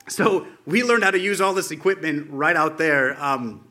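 Man, bright tone, loose storytelling, frequent chuckles, informal tribute. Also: on the high side. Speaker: church friend presenting a photo slideshow. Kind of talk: informal spoken tribute to friends.

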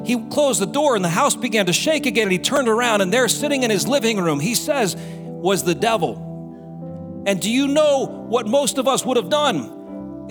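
A man preaching a sermon as pastor, animated and acting out the quotes he tells. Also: very high voice, moderate pace. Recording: roomy hall with music behind.

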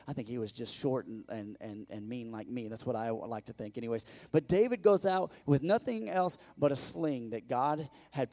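Preaching in a lively, conversational style, this pastor asks rhetorical questions and acts out the quotes he cites. His delivery swings from loud outbursts to hushed, low asides.

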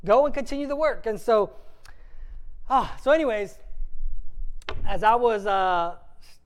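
A woman's voice: fairly high pitch, animated, measured pace, rough recording. A woman giving a conversational sermon as a guest preacher, emphatic and casual, often asking the audience rhetorical questions.

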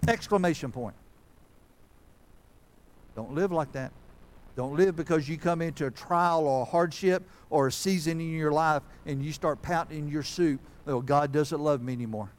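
Folksy preacher. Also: male voice, a little high, normal speed, long pauses. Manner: folksy, conversational preaching, building to fervent. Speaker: pastor. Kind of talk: sermon.

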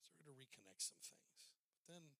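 A man's voice: medium pitch, very animated, normal speed, vocal fry, bright, forceful tone, dry recording. An older man preaching a sermon, telling personal stories in an emotional, earnest way.

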